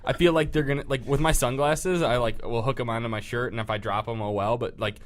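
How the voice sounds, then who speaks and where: A man's voice: mid-range voice, fairly even intonation, fast, a little hiss or hum. A man on a casual podcast, hesitant and stumbling as he starts his thoughts. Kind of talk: casual group chat.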